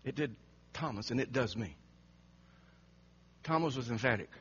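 A man preaching an animated sermon, telling the story dramatically and acting out the quotes with frequent laughter. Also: medium pitch, moderate pace, a little hiss or hum. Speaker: pastor. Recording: muffled lo-fi recording.

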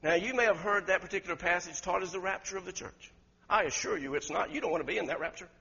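A man preaching a sermon, emphatic and questioning the congregation, rising to loud peaks. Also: high voice, fast talker, vocal fry, breathy edge. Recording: lo-fi recording with long hall reverb.

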